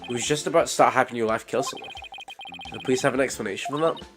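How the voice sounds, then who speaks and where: A man's voice: mid-range voice, rapid-fire, natural voice. Give me a man voicing a curious young woman's lines, read over game music. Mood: questioning.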